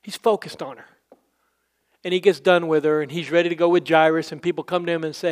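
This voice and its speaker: A man's voice: a little high, steady tone, a little fast. A man preaching a casual, conversational sermon, acting out Bible scenes in quoted voices. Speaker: pastor.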